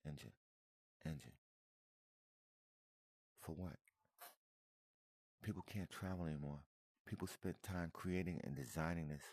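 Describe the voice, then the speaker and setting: A man's voice: low-pitched, fairly even intonation, measured pace, long pauses, darkish tone, dry recording. A man giving casual, emotional reaction commentary on video footage, repeating himself and calling the listener "man" and "brother". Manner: emotional, repetitive, addresses viewer as man and brother.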